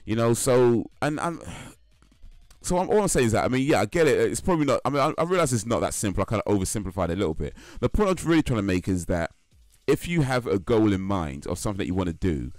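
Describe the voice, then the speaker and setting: Streamer, young man from Belgium, very low voice, rapid earnest talk, lots of restarts. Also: big pitch swings, darkish tone, no echo, clean studio sound, soft background music. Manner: earnest, repetitive, restarts and "you know" often. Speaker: livestream host. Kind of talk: casual opinion talk on a livestream.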